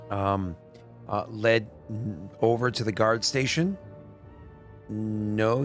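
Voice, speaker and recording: Low male game master, rambling narration, faint music underneath. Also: a bit bright. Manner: rambling, many fillers.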